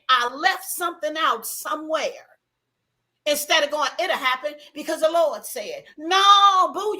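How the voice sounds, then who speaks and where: Her voice sits high and sounds pushed and bright as she hosts a faith talk show for a ministry conference. She talks candidly and with emphasis, often acting out things she said in the past.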